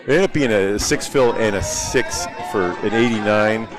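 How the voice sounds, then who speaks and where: A man's voice: fairly low pitch, moderate pace. A man doing live bowling commentary, cracking dry jokes with his co-host. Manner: dry, joking asides. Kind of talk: live sports commentary with banter. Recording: loud bowling alley crowd. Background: crowd at a bowling alley.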